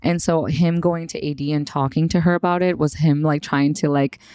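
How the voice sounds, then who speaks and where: A woman co-hosts a casual recap podcast, talking with a low, mellow voice. Her delivery is animated, jumping up and down in pitch and full of "like"s. The sound is close and dry. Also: moderate pace, smooth, dry recording. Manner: animated, filler-heavy. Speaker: podcast co-host.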